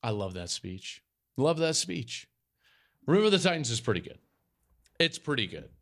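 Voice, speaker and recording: Animated man hosting a sports podcast. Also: mid-range voice, normal speed. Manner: animated, emphatic, repeats lines for effect. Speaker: podcast host. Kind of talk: casual chat.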